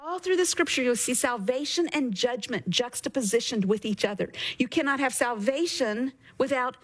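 A woman teaching from the Bible on a radio program, reading scripture slowly and earnestly, then explaining it. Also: on the high side, animated, rough recording. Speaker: Bible teacher and show host.

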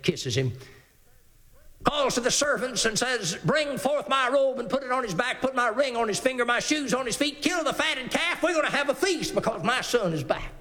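A man preaching with great animation, his voice sitting very high and sounding bright and forceful. He slips into the characters of the story as he goes and reads scripture slowly and deliberately. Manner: reads scripture in slow King James cadence. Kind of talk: sermon.

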